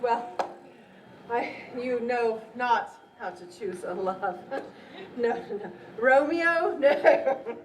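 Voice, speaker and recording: A woman's voice: on the high side, slow pace, slight background noise. Woman playing a fussy, complaining aunt. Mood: teasing. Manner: teasing, theatrical groaning and laughing. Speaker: stage actor. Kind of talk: live outdoor theater acting. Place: outdoor stage. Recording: distant echoey live stage recording with music.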